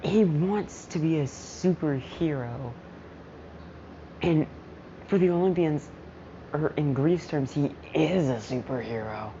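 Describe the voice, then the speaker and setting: Low-voiced woman rambling about a fan story, slang, calls herself an idiot, muffled mic and background hiss. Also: slow pace, long pauses, dark tone. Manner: slangy, self-mocking, loses her train of thought.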